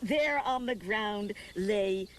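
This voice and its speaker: A woman's voice: mid-range voice, slow. A woman hosting a children's TV show, telling a story and teaching a simple dance while coaxing young viewers along. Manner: animated, coaxing, talks directly to young viewers. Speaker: children's TV host. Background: faint music.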